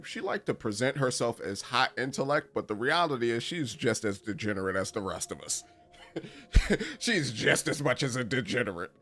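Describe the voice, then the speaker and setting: A man's voice: mid-range voice, fairly bright tone. A man streaming a game who reads in-game messages aloud and laughs often in casual commentary. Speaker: gaming streamer.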